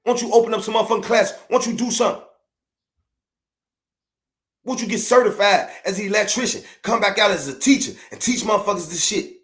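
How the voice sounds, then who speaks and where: A middle-aged podcast host from Chicago rants in a high, somewhat bright voice with a Chicago accent, talking a little fast and pausing often. The rant is unfiltered: profane, blunt, heated and repetitive, in an echoey room.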